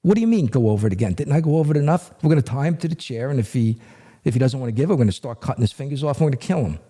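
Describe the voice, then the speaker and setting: A man acting out a male criminal ringleader who talks in a fast, impatient, blunt way. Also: medium pitch, animated, dark tone, voice pushed up, close to an everyday voice. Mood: menacing.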